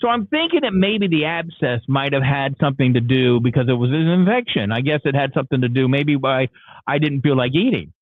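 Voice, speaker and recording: A man's voice: mid-range voice, animated, brisk, no echo. A man calling in as a radio host, telling a long candid story in casual, rambling talk with many restarts. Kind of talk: casual morning show chat. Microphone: phone call. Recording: tinny phone line.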